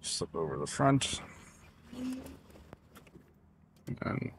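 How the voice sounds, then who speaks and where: A man's voice: mid-range voice, huge pitch swings, extremely slow, slight background noise. A man narrating his repair work in a plain, matter-of-fact way, thinking aloud as he goes. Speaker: small-engine repair YouTuber. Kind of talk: casual workshop narration.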